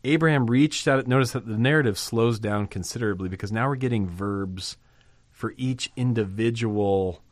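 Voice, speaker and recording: A man's voice: on the low side, normal speed, no room sound. A man preaching a sermon, reading scripture aloud and commenting on it in a conversational way. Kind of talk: sermon on a Bible passage.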